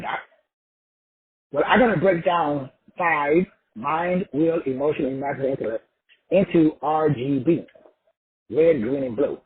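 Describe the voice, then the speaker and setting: Raspy high-voiced man lecturing over a phone-like call. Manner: emphatic and repetitive, stretching key words out slowly. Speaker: motivational teacher. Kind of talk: profane motivational lecture on a group call. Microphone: call audio.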